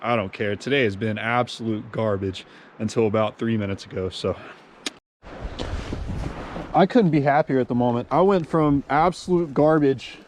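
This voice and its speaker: A man's voice: mid-range voice, moderate pace, slight background noise. Chilled, soaked man vlogging from a creek. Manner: excitable, slangy, says yo and dude. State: cold and soaked. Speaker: fishing vlogger. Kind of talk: casual outdoor vlog. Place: outdoors at a winter creek.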